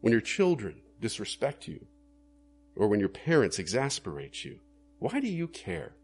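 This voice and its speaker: Male pastor, sermon delivery, husky voice, lively swinging pitch, earnest questions. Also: moderate pace. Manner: earnest, questioning, rising to emphatic bursts.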